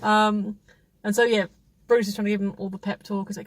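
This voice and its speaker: A woman's voice: mid-range voice, level tone, fairly quick, dry recording. A woman hosting a casual film review chat, rambling and chatty with frequent laughs. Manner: rambling, chatty, laughs often, many restarts.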